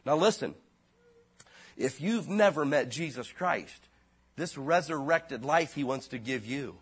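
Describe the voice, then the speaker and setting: A pastor preaching a sermon in a casual, slangy way, his voice dropping low and then rising loud. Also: lively intonation, a little slow, breathy edge.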